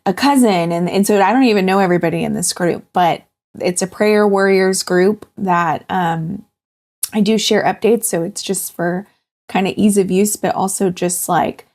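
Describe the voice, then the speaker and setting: A woman in her thirties, a guest in an interview, talking in a halting, heartfelt way with many fillers. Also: on the low side, a little mellow. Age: 30s. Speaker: guest sharing her cancer journey. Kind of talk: candid personal interview.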